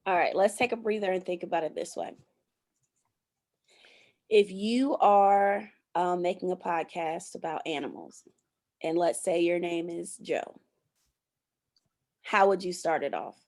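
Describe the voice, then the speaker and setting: A woman's voice: lowish voice, a little slow, pauses often, darkish tone. A woman coaching a student on podcast intros, explaining patiently and acting out playful sample openings. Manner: encouraging, explains with playful acted examples. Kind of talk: coaching, giving example intros.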